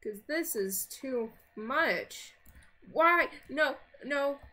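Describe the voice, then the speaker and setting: A woman's voice: high-pitched, expressive, drawn-out words, pushed and bright. A woman narrating her own gameplay in casual let's-play commentary, chatting to herself, grumbling and easily startled. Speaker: gaming video creator.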